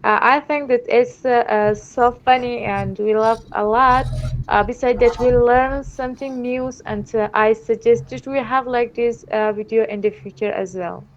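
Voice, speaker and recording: A woman student speaks on a slightly muffled, dull-sounding call. Her voice sits a little high, and she pauses on "uh" almost every few words. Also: fairly even intonation. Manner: halting, many fillers. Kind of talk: answering in class. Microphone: computer mic on video call.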